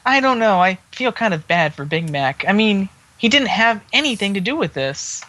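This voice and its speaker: A speaker reading as a bright young dragon. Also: medium pitch, expressive, moderate pace, rough recording. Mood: doubtful. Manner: reads a comic part aloud, stumbling. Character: young male dragon assistant, gentle. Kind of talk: casual comic read-along.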